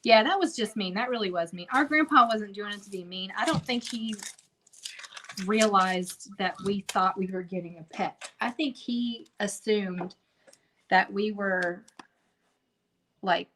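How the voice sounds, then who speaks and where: A woman's voice: mid-range voice, unhurried, fairly bright tone, a little hiss or hum. Chatty woman telling stories mid-craft. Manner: chatty storyteller, talks to viewers directly. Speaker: craft video host. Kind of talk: casual chat while crafting.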